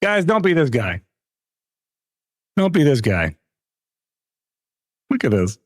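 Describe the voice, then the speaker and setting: A man's voice: a little high, big pitch swings, slow, no room sound, studio quality. A man streaming a game live, mocking another player with crude, laughing commentary. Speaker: gaming streamer.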